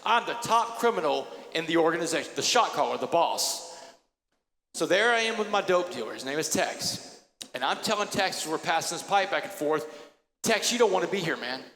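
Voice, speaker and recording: A man delivering an emphatic, story-driven motivational keynote in a notably high voice. His voice booms through a large hall with a long, ringing reverb. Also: lively intonation, fairly quick, a bit bright. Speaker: keynote speaker. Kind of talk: motivational speech. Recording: echoey hall.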